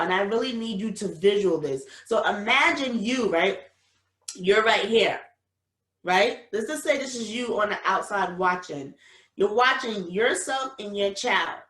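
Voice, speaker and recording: A woman in her thirties hosts a casual advice podcast, speaking. She preaches emphatically and talks directly to her listeners. Her mid-range voice carries a noticeable room echo. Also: mid-range voice. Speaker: podcast host. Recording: roomy echo.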